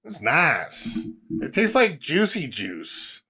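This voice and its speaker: A man with a husky, slightly rough voice and a lively, swooping delivery. He jokes around and swears freely in a relaxed chat among friends. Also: fairly high pitch, slow pace, soft background music. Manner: playful, swears freely, animated. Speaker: podcast co-host. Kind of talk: casual chat while tasting wine.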